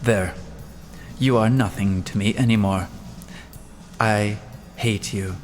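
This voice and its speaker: A man's voice: on the low side, slow pace, soft background music. A man reading the part of a proud young countess who bitterly accuses her sister in an audiobook. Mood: furious.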